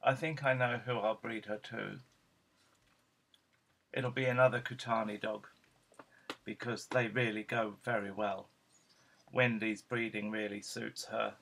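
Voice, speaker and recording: A man at home showing off his dogs, switching into high cooing baby talk whenever he speaks to them. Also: steady tone, slow, vocal fry, pauses often, pushed and bright, poor audio. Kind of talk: casual home video chat.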